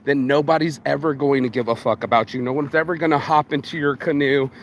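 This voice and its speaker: A man's voice: on the high side, fairly even intonation, fast, a little hiss or hum. A man vlogging outdoors while picking up litter, ranting bluntly and profanely in streetwise slang, calling everyone bro. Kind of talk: ranting walk-and-talk vlog.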